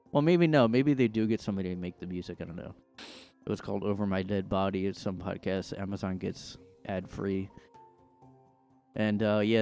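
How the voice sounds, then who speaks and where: Rambling sarcastic man, lowish voice. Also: darkish tone. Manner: rambling, sarcastic, heavy use of "like". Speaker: podcast host. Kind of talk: casual rambling monologue. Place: his room.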